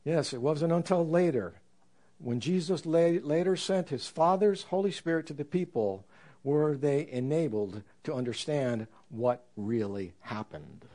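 A man's voice: a little high, dark tone. Earnest man preaching a sermon. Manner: earnest, reflective, with slow emphatic scripture quotes.

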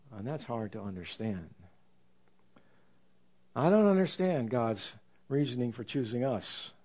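A man preaching a sermon in an earnest, reflective way, slowing down to stress scripture. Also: medium pitch, warm tone. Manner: earnest, reflective, with slow emphatic scripture quotes.

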